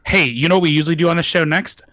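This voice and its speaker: Guy in his 30s hosting a whiskey stream, bright voice, jokey and fast. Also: fairly high pitch. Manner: joking, teasing, talks fast in bursts. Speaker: whiskey show host. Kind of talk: casual live-stream chat.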